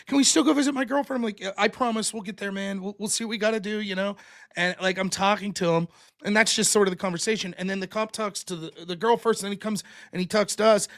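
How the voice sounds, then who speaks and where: Podcast host, male, high-pitched and bright, chatty animated storyteller. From United States. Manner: animated storyteller, acts out quoted people with loud bursts, laughs often. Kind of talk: casual storytelling monologue.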